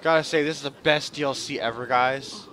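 A man's voice: medium pitch, steady tone, brisk, bright, forceful tone. A young man giving crude, sarcastic let's play commentary and swearing freely. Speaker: gameplay commentator. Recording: game crowd noise underneath. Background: game crowd and street sounds.

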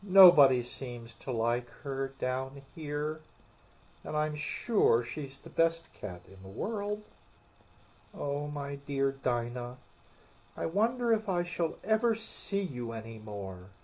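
A man voicing an eager, polite young girl in a storybook audiobook, raising his pitch. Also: big pitch swings, slow, darkish tone. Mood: melancholy. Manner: earnest, pleading. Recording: muffled, dull audio.

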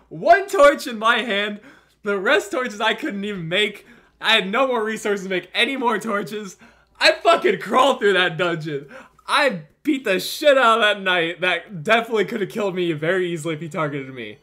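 Early-20s male streamer, high and bright, shouty and profane, voice worn from yelling. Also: lively intonation, normal speed, soft background music. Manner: shouting, elated and swearing. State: throat strained from screaming. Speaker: gaming streamer. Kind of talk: excited gaming stream commentary.

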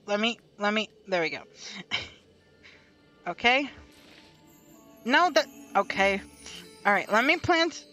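A woman's voice: mid-range voice, sharp tone. A woman chatting casually through a gameplay livestream, talking to herself and to chat and laughing often. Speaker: streamer. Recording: light music behind the voice.

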